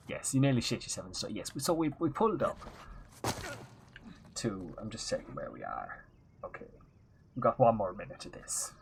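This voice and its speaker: A man's voice: on the low side, vocal fry, fairly bright tone, a little hiss or hum. A man streaming a game, telling a rambling story in a put-on Irish accent and swearing freely. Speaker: livestreamer playing a game. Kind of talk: casual gaming stream chat.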